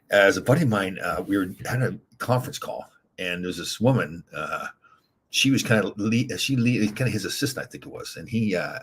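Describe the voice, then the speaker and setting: The speaker is a middle-aged man with a low, husky voice running a loose, rambling live stream. He reads viewers' comments aloud and laughs frequently as he goes.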